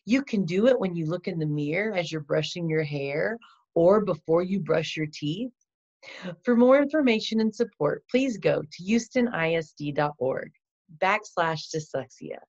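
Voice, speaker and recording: A woman teaching a phonics lesson to children, patient and encouraging, modeling each sound slowly. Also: on the low side, animated, a little mellow. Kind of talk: slow instructional lesson for children. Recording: dull lo-fi sound.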